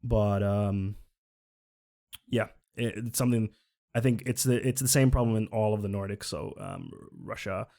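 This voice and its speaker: A man's voice: on the low side, animated, moderate pace, gravelly, warm tone. Earnest male streamer. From Finland. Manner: chatty, earnest, self-correcting. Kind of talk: casual reaction commentary.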